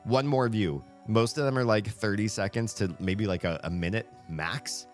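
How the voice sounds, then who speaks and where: Deep-voiced chatty male streamer. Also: normal speed, faint music behind. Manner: rambling and chatty, full of "like" fillers. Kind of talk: casual live-stream chat.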